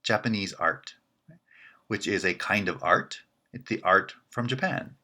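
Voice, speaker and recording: A man giving a recorded linguistics lecture, explaining in a measured way and often checking in with "right?". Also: low voice, animated, sharp tone.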